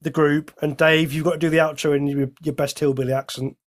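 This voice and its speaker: A man's voice: on the high side, level tone, fast. A man co-hosting a film podcast, teasing the others and hyping things up. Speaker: podcast co-host. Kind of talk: casual chat.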